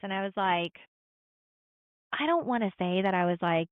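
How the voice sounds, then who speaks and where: A woman's voice: mid-range voice, lively intonation, a little fast, pauses often, dry recording. A middle-aged woman co-hosting a podcast, telling a travel story in casual chat, full of "like" and acted-out quotes. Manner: storytelling with many likes and quoted asides. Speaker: podcast co-host. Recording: tinny phone-like sound.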